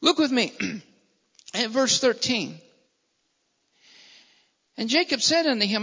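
A preacher delivering a sermon with emphatic, repetitive phrasing, slowing down to stress key words. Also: medium pitch, big pitch swings, pushed and bright, breathy edge. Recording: long reverb, dull lo-fi sound.

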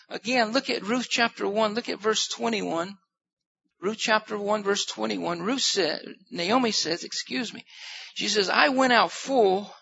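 A male preacher with a high, gravelly voice delivers an earnest sermon and repeats his phrases for emphasis. His tone is bright and a little husky. The recording sounds muffled and lo-fi.

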